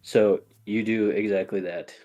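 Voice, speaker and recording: A man's voice: on the low side, fairly even intonation, dark tone. Casual male game master. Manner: casual, halting, with fillers and restarts. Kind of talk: narrating a tabletop game.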